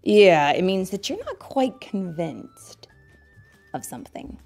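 A woman reading a children's story aloud in a playful, animated way, asking her listeners questions. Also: fairly low pitch, slow, gravelly, faint music behind.

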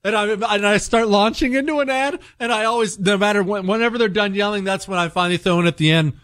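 A man's voice: high-pitched, fast talker, a bit bright, dry recording, clean studio sound. Playful, sarcastic man hosting a radio talk show. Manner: sarcastic, playful, teasing storytelling. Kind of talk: casual radio talk with ad reads. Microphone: studio microphone.

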